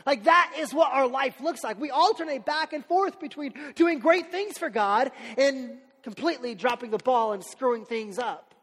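High-voiced pastor, casual animated sermon. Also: male voice, moderate pace, hardly any pauses. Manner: conversational, animated storytelling. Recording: long hall reverb.

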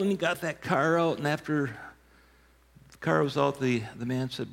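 A man in his sixties, a pastor of many years, preaching a sermon and telling stories with emphatic, shouted punchlines. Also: on the high side, moderate pace, vocal fry, pauses often. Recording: long hall reverb.

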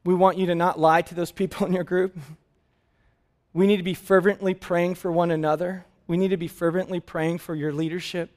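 High-voiced animated male pastor. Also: brisk. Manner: animated storytelling with laughs. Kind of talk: sermon.

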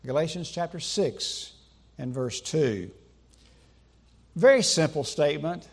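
A man preaching a sermon in a church sanctuary, emphatic, with slow deliberate pauses and repetition for stress. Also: fairly high pitch, animated, gravelly, husky. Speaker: pastor.

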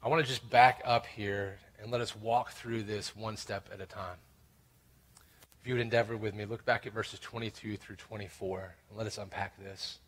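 A man's voice: lowish voice, steady tone, moderate pace. A man preaching to a congregation as pastor, reading scripture aloud and explaining it with earnest, emphatic stress. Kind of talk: expository sermon.

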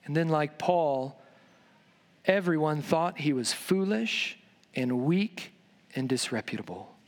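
A man preaching a sermon in a church, emphatic, dropping low and slow on key words. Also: animated. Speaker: pastor. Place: large church sanctuary. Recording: long reverb in a church hall.

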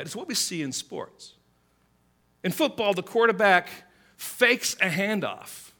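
A male pastor preaching a sermon in an animated way, acting out quoted lines with a louder, higher voice. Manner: animated, acts out quotes with rising pitch and volume.

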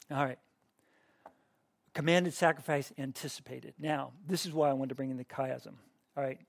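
A man's voice: mid-range voice, steady tone, normal speed, creaky, long pauses, no echo. A middle-aged man teaching a Bible class in a conversational way, asking the students questions and often restarting his sentences.

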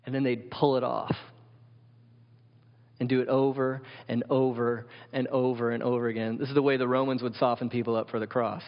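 A man's voice: mid-range voice, little pitch movement, fairly quick. A man preaching as pastor, emphatic and asking his listeners question after question. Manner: emphatic, asks the congregation many questions. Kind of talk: sermon. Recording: dull sound with long hall reverb.

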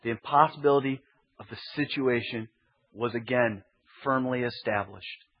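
Husky male pastor preaching emphatically. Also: mid-range voice, moderate pace. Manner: emphatic, building repetition. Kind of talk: expository sermon. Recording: dull lo-fi sermon recording.

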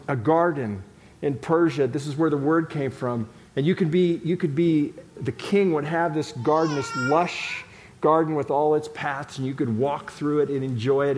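A man with a high voice preaching an emphatic sermon, pressing his points home by repeating them. He speaks in a church sanctuary, and a long hall reverb follows his words. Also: a little hiss or hum. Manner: emphatic, repeats phrases for stress. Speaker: pastor.

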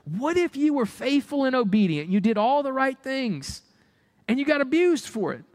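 Delivering a sermon at a moderate pace, this male pastor speaks in a very high-pitched voice. His style is animated: he throws out rhetorical questions and performs the voices of those he quotes.

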